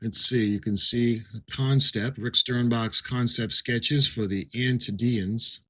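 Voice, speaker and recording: A man's voice: mid-range voice, steady tone, slow pace, pushed and bright, slightly rough, rough recording. A middle-aged man giving casual unboxing commentary, reading captions aloud and adding chatty asides. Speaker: model-kit unboxing vlogger.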